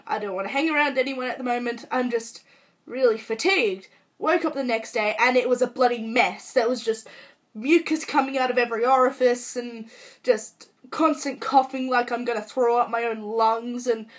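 A young woman sick with a cold, talking to camera at home in a chatty, self-mocking and dramatic way, her voice hoarse. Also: on the high side. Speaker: vlogger. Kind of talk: casual chat to camera.

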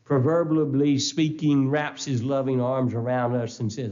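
Older male preacher, middle-pitched voice that climbs high when stirred, muffled lo-fi church recording. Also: measured pace, dark tone. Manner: repetitive, rising to high emphatic pitch. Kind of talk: sermon.

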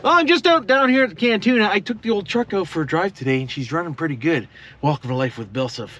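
A man's voice: a little high, animated, fast talker, dull audio. A middle-aged man rambling folksily to the camera as he drives an old pickup truck. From Ontario, Canada. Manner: folksy, rambling, talks to passing animals. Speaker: vlogger. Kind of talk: casual driving commentary. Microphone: camera mounted in the truck cab. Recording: loud engine and road noise in a truck cab. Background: engine and road noise.

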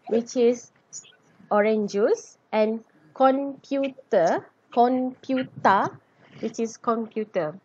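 Slow, husky-voiced young woman presenting. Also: fairly high pitch, a little mellow. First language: Malay. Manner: hesitant, many ums and restarts. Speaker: student presenter. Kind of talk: class presentation. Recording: dull lo-fi recording.

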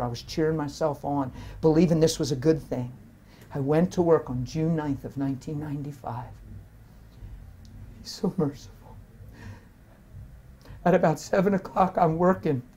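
A man telling his personal faith testimony in an interview, earnest and animated, rising with strong feeling as he tells it. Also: a little high.

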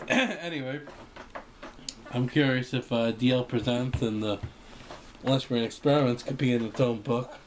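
A man's voice: medium pitch, a little slow, pauses often. Rambling young man, faint hiss. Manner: rambling, jokey, acts out imagined exchanges. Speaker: vlogger. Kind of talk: casual rambling monologue. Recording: faint background noise.

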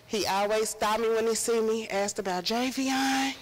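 A woman's voice: on the high side, moderate pace. A woman sharing a personal memory at a funeral, acting out the quoted voices as she tells the story.

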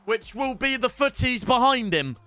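A young man giving energetic, cheeky commentary on his game to his chat, often bursting into hype shouts. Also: extremely high pitch, moderate pace, over loud music. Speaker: gaming YouTuber. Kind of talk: energetic pack-opening commentary.

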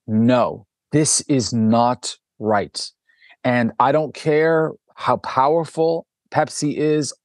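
Clean studio sound with no echo carries a man's mid-range voice as he, a documentary director, recounts a story on an interview. He's animated, performs the lines of the people involved, and frequently starts his sentences over.

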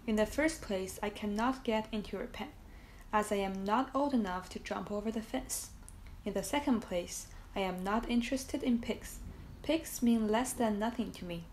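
A haughty young lamb brushes off a companion in a storybook reading, as a woman puts it on. The voice is prim and curt, slightly low and subdued. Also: normal speed, a little mellow, slight background noise, lightly acted. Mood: dismissive.

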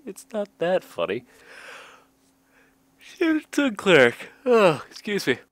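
Slow-talking man, joking as he reads. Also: high voice, huge pitch swings, dry recording. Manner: jokey, laughs at his own jokes, dry asides. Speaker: gaming YouTuber reading card flavor text. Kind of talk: casual comedic reading.

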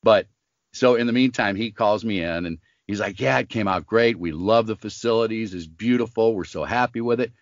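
Here the older voice actor and smoker sounds fairly low and fairly quick, captured in a dry, muffled recording. He's an interview guest spinning casual stories, animatedly voicing the people he quotes.

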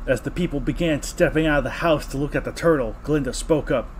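A man's voice: a little high, fast talker, few pauses, slight background noise. A man hosting a comedy podcast, reading fan fiction aloud and breaking off with mocking asides.

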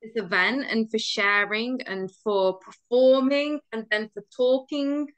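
A woman with a somewhat high voice hosts a video call. She is gracious and encouraging and invites each guest to speak. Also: measured pace, fairly bright tone, clean tone. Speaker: event host. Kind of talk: hosting a video call discussion.

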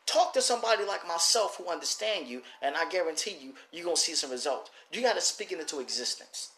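A man selling oils who gives an animated, casual motivational lesson, often repeating and restarting his phrases. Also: on the high side, fast talker, hardly any pauses, reverberant. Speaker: oil seller teaching a lesson. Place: works in Detroit.

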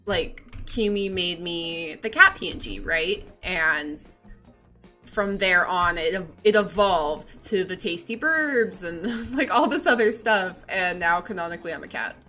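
Giggly woman streamer, bright voice with a lot of swing, faint music behind. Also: on the low side. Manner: playful, giggly, reads chat aloud. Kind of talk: casual livestream chat.

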